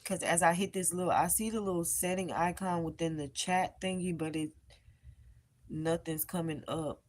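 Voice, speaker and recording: Low-voiced woman, emphatic live-stream storyteller. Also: moderate pace. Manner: emphatic, animated storytelling, addresses viewers as y'all. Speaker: live-streamer and tarot reader. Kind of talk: casual live-stream chat with viewers. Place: at home.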